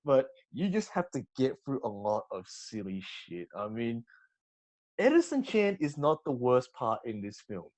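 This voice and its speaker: A man guesting on a casual movie discussion. He talks in an animated, excitable way and swears freely. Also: medium pitch, unhurried. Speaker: podcast guest.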